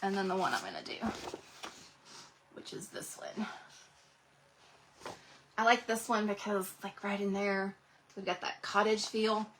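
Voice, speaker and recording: A woman's voice: mid-range voice, animated, a little slow, long pauses, fairly bright tone, slight background noise. A woman hosting a casual craft livestream, gushing and chatty as she talks to viewers in the chat.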